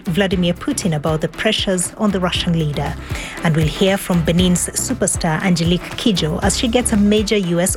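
A woman presenting a radio news show from the studio, steady and clear, with the odd small slip. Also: on the low side.

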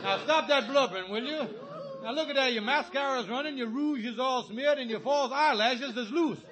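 An actor playing a scheming, fast-talking middle-aged husband in a 1950s radio comedy, wisecracking and stammering when cornered. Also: male voice, extremely high pitch, a bit bright, some chatter behind. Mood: flustered coaxing. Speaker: lead comic character. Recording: scratchy old radio recording with hiss.

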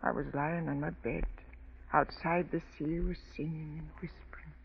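A woman's voice: low-pitched, level tone, normal speed, gravelly, slight background noise. Radio drama: sorrowful old mother, trembling, pleading; tinny old broadcast. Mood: grieving. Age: older. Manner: trembling, pleading, sobbing delivery. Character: grieving old Irish mother, frantic and sorrowful. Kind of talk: 1940s radio acting.

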